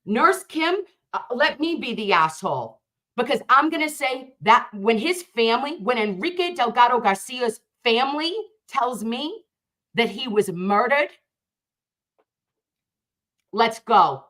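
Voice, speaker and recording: A woman's voice: a little high, lively intonation, measured pace, bright, forceful tone. A woman hosting a livestream, reading viewer comments aloud and speaking fervently, with emphatic repeated phrases.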